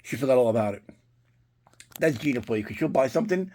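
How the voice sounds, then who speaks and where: A middle-aged man talking loosely to his viewers, swearing freely and wandering off into side stories. His voice is dark and mellow with a husky edge. He sounds relaxed and conversational, like a regular vlogger showing off his collection. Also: medium pitch, fast. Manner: rambling, profane storytelling. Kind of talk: casual unboxing chat.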